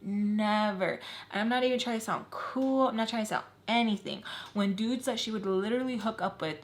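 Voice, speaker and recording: A woman's voice: mid-range voice, normal speed. A woman vlogger telling a personal story while doing her makeup. She talks casually and bluntly, swears freely, and acts out what people said. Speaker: beauty vlogger.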